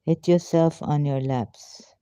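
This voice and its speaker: His voice sits a little high, mellow, clear and resonant with no echo, though the recording itself is dull, dry and lo-fi. He reads a prayer, breaks off to comment in non-native English, chants repeated phrases slowly and haltingly, and laughs at his own expense.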